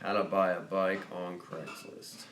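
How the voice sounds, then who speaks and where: A bright, forward-sounding man chatting through a casual livestream. He rambles and jokes while answering viewer questions. The room is echoey, with a faint hiss underneath. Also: sits low, little pitch movement, measured pace. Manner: rambling, jokey, thinks aloud. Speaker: host of a motorcycle dealership livestream.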